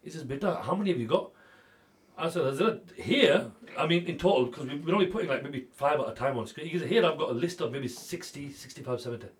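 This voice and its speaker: A man making a charity appeal on TV. He swings between loud, pressing urging and hushed, intimate storytelling. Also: fairly high pitch, expressive, quick pace. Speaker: charity fundraiser. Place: TV studio.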